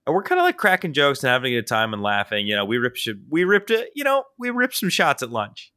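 A young man co-hosting a podcast who tells a story in an animated, casual way, full of fillers and swearing. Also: a little high, fast, smooth, no room sound, clean studio sound. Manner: animated and profane, with frequent fillers. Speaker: podcast co-host.

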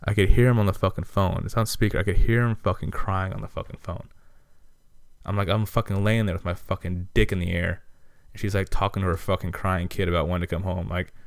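Low gravelly profane man. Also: little pitch movement, brisk, no echo, studio quality. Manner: profane, rambling, irritated. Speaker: podcast host. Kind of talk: casual storytelling monologue.

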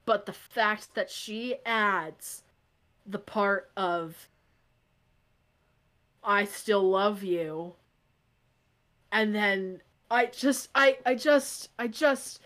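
Young woman, podcast co-host, casual book chat, reads passages aloud, animated, exasperated. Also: mid-range voice, extremely slow, pauses often.

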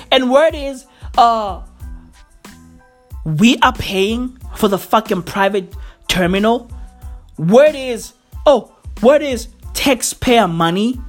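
A woman ranting profanely into a microphone, full of slang, swearing and loud laughter at her own jokes. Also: a little high. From South Africa.

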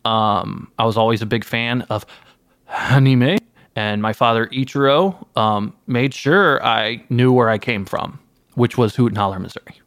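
A man playing a guest in an improvised comedy interview, telling absurd stories with mock-earnest deadpan. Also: medium pitch, a little slow, dry recording. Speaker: guest playing an anime creator.

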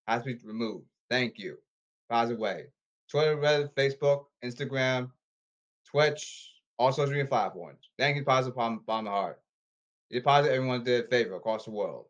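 A man ranting about baseball and social media in repetitive, halting bursts. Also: medium pitch, highs cut off. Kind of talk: rambling ranting commentary.

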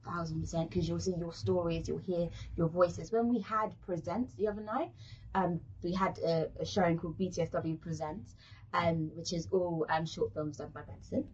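A woman's voice: fairly low pitch, normal speed, slight background noise. A woman from England with a British accent, a guest telling stories in a casual interview with many restarts. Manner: animated storyteller, many restarts. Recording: muffled lo-fi audio.

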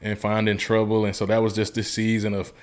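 A man's voice: fairly low pitch, monotone, a little fast, clean tone. A man from Memphis, earnestly telling a personal story as an interview guest in a casual, vivid way. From Memphis, Tennessee. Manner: earnest, colloquial, vivid retelling.

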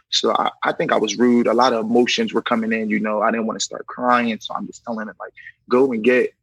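A man's voice: mid-range voice, quick pace, creaky, breathy edge, no echo, low-quality recording. A young man, a correctional officer, telling a personal story casually and acting out what others said. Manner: animated, acts out quoted dialogue; conversational, frequent "you know".

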